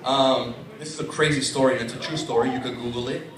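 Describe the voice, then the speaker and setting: A man's voice: mid-range voice, steady tone, fast, heavy background noise. A young man performing a profane stand-up set as a comedian on a club stage, telling a story with voices he acts out. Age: young adult. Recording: echoey club recording from far off. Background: audience laughter.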